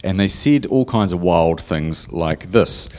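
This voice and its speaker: A man gives a relaxed, joking sermon in a church. His voice sits very low, and he keeps quizzing the congregation. The delivery is chatty and informal. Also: unhurried. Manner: joking, chatty, asks the audience questions. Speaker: preacher.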